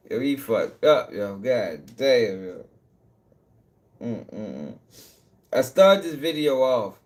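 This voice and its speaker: A young man hosting his own live stream, ranting in a heated casual way, cursing, repeating himself and laughing between points. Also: mid-range voice. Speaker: channel host.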